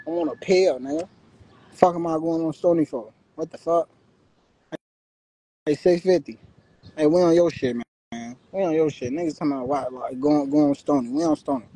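A man's voice: on the high side, normal speed, long pauses, dark tone, no echo, low-quality recording. A young man talking loosely into his phone on a livestream, taunting viewers in brash street slang. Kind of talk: casual livestream talk.

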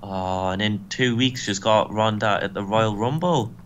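A man's voice: lowish voice, unhurried, dull audio, a little hiss or hum. Young man recapping a wrestling sim. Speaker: co-host and booker. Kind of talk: casual game commentary.

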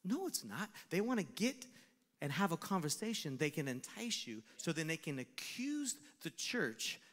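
A man preaching a sermon as pastor, animated and acting out voices in his stories. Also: a little high, normal speed, big-room sound.

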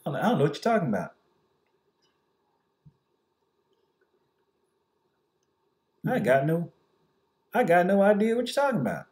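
A man's voice: sits high, very animated, brisk, darkish tone, voice pushed up. A man voicing a smug white Southern man who waves away history, with a put-on Southern accent and a mocking, dismissive manner.

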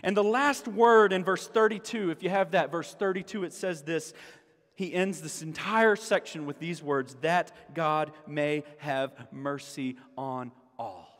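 Pastor, male, high-pitched, slow emphatic preaching with repeated phrases, echoey church hall. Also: a bit bright. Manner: emphatic, rising to exclamations and repeating key phrases. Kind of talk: sermon. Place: church sanctuary.

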